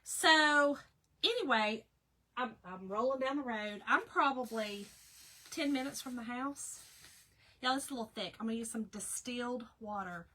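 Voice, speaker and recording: A woman's voice: fairly high pitch, moderate pace, sharp tone, poor audio. A middle-aged woman, chatting casually with viewers while hosting a craft livestream. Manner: chatty, talks to viewers by name. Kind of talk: casual chat.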